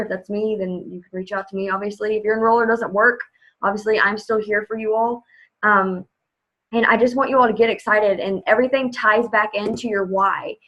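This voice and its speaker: A woman's voice: fairly high pitch, fairly bright tone, muffled recording. Chatty young woman on a video call. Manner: upbeat, chatty, lots of filler "like" and "you know". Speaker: team leader. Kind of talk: motivational video call talk.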